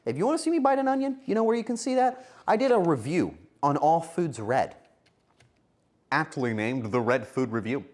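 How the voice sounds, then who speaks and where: A male streamer in casual livestream chat, cooking as he talks. His voice swings up and down in a lively, animated way, and he bounces from joke to joke while teasing his chat. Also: on the high side, moderate pace. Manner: playful, joking banter with chat.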